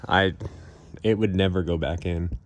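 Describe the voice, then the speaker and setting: A man's voice: low-pitched, fairly even intonation, measured pace. A young man talking casually through a car build in a workshop, laid-back and chatty with car slang. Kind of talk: casual build vlog narration.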